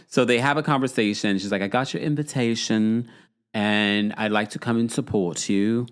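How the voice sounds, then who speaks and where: A man in his forties hosting a casual podcast, recapping reality TV in a chatty way and reading out viewers' comments. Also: fairly low pitch. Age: 40s. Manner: animated and chatty, with frequent restarts and asides to viewers. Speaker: podcast host.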